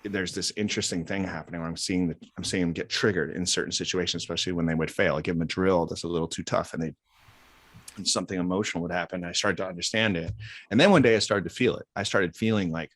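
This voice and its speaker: Fast-talking deep-voiced man in his forties. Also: no echo, studio quality. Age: 40s. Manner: animated storyteller acting out quoted dialogue. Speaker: life coach for athletes. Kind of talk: casual interview storytelling. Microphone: close podcast mic.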